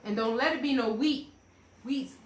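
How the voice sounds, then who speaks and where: A woman's voice: fairly high pitch, normal speed, roomy sound, background noise. A woman giving a motivational self-help talk, emphatic and repetitive, breaking into playful asides. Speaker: life coach hosting a self-help talk.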